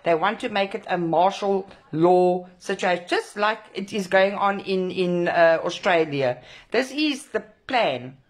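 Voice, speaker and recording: A woman's voice: on the low side, expressive, unhurried. A woman, an angry protest organiser shaken after a clash, ranting to camera with heavy swearing and emphatic repetition. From South Africa. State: emotionally shaken. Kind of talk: angry direct-to-camera rant.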